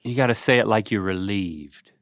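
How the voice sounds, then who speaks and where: A man's voice: on the low side, moderate pace, fairly bright tone. A man hosting a casual podcast, playfully quizzing and coaching his father on pronunciation. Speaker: podcast host.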